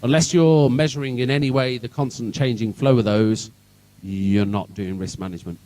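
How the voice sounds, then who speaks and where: A man with a Birmingham accent gives a conference talk that is loud with jokes and swearing, sarcastic and irreverent. His voice sits at an ordinary middle pitch. He is heard from some distance off the mic in a hall. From England, Birmingham. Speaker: conference speaker. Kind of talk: sweary comic tech talk. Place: event hall.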